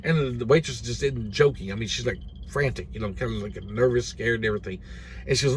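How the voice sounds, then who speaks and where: A man's voice: medium pitch, fast, a little hiss or hum. A man retelling a story in casual, rambling speech, full of fillers like "you know" and "and everything.".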